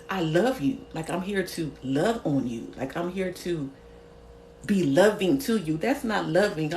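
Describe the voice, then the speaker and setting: A woman's voice: fairly low pitch, slight background noise. A woman giving a preachy spiritual monologue on a phone livestream, emphatic and repetitive, frank and swearing casually, sometimes scolding an imagined person directly. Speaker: spiritual content creator.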